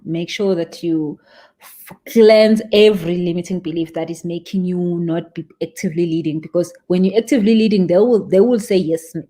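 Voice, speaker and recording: A young woman coaching a live-stream audience, animated and emphatic, stressing points by repeating words. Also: fairly low pitch, a little fast. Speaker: spiritual business coach.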